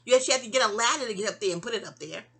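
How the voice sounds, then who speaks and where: Middle-aged New York woman, husky and bright, casual rambling storytelling with lots of fillers. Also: a little high, very fast. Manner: rambling, digressive, full of fillers and restarts. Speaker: vlogger telling a memoir story.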